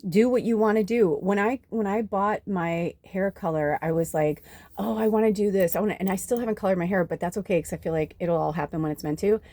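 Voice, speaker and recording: A woman's voice: medium pitch, brisk, dark tone, no room sound. Chatty, emotional woman telling a story. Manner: chatty, emotional, swears freely, acts out quotes. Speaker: spiritual reader and channel host. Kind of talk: casual storytelling to camera.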